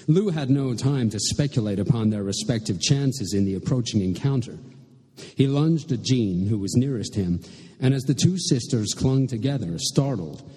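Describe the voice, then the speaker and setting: A man's voice: medium pitch, dark tone, husky. A man reading a story aloud to an audience, with a dry, wry delivery and small asides. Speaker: reader at a literary reading. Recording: echoey hall with long reverb.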